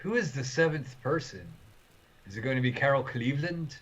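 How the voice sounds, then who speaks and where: A man's voice: mid-range voice, lively intonation, fairly bright tone, breathy edge. A man chats on a podcast in a middle voice, often stammering over the first words of a thought. His audio sounds a little dull and muffled. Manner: halting, repeats words as he starts sentences. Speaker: podcast co-host. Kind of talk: casual chat.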